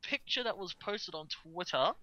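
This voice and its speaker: A man's voice: high-pitched, animated, sharp tone, no room sound, dull audio. A man co-hosting a casual podcast, reading out the news with many ums and frequent laughs. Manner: halting, full of ums and uhs, laughs often.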